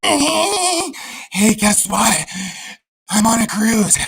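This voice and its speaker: A sing-song, taunting voice of a lonely man bragging about his cruise, put on by a man mocking him. It sits high and sounds bright and sharp. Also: sing-song, very slow, gravelly, a little hiss or hum, heavily acted.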